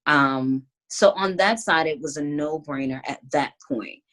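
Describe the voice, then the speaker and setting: A woman, a singer and songwriter, answering interview questions over a video call in a thoughtful, relaxed way with many "um"s. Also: deep voice, unhurried. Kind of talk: casual interview chat.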